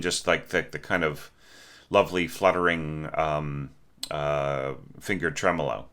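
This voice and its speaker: A man's voice: sits low, unhurried, bright, forceful tone. A man giving a conversational critique of a student's orchestral score, asking questions and singing short notes to make his points. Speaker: orchestration teacher.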